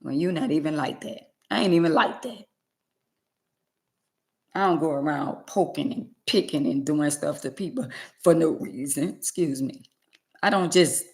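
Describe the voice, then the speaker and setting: A woman's voice: deep voice, moderate pace. A woman talking straight to her viewers in a casual monologue, plain-spoken and emphatic, repeating her points. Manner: plain-spoken, uses y'all. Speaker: vlogger.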